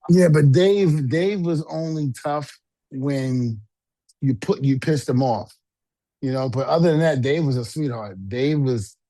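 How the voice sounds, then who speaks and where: Animated storytelling man, dry mic. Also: mid-range voice, a little slow, dry recording. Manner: animated storyteller acting out quotes, frequent fillers. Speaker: podcast co-host, retired wrestler. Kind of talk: casual storytelling.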